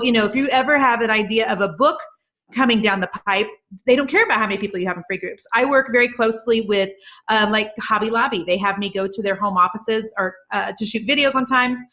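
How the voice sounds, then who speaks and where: A woman's voice: medium pitch, bright, forceful tone. A woman being interviewed over a video call, an entrepreneur talking emphatically and piling up examples in casual chat. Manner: emphatic, rapid-fire talker who lists examples. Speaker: guest entrepreneur.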